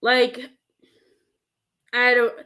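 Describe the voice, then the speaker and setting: Woman, psychic medium on a live stream, rambling, hesitant, slightly high voice. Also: monotone, drawn-out words, bright, forceful tone, clean tone. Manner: rambling, hesitant, searching for words.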